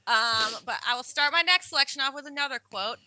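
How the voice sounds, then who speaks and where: Very bright woman co-host on a dry mic. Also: high-pitched, dry recording, rough recording. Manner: brisk listing of cast and facts. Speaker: podcast co-host. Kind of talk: casual chat presenting a show.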